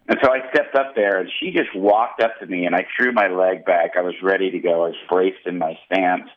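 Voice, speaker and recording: Very deep-voiced pastor on phone-like audio. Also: male voice, fairly quick, hardly any pauses. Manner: animated storyteller, acting out quotes. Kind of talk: telling a personal testimony in an interview.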